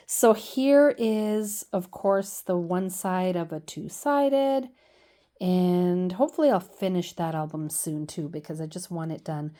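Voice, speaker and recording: With a mellow, lowish voice, a middle-aged woman vlogs about scrapbooking, chatting casually while displaying her pages. She gushes over them and teases herself along the way.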